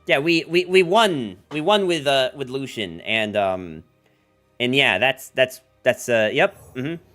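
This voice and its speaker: Soft music plays behind a man whose medium-pitched voice is animated and a bit bright, moving at a measured pace. Playing a card game on a livestream, he chats with viewers in a rambling, filler-heavy way, full of "um," "like" and joking asides.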